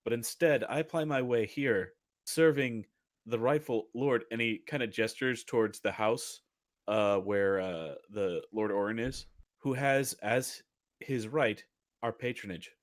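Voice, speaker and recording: A man voicing a formal, solemn warforged servant who speaks in a stiff, halting way. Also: mid-range voice, natural voice.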